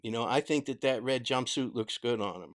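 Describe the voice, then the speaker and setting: A man's voice: medium pitch, brisk. Blunt, profane man with a Boston accent. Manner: answers chat questions. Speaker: host. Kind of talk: casual live-stream commentary.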